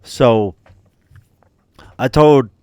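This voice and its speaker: A man's voice: mid-range voice, drawn-out words, darkish tone, clean tone, dry recording, studio quality. A man hosting a gaming video, casually telling a laid-back story with frequent laughs and free swearing. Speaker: gaming channel host.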